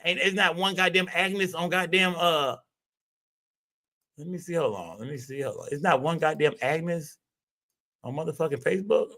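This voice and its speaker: A male live stream host chats loosely with his viewers, piling on filler tags and swearing freely. His voice sits a bit high and comes through bright and forceful. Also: normal speed, long pauses. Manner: loose, rambling and profane, with lots of filler tags. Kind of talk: casual live stream commentary.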